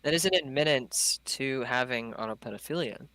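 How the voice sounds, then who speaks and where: A man co-hosting a stream in casual chat, making quick, stumbling interjections. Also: mid-range voice, a crowd in the background.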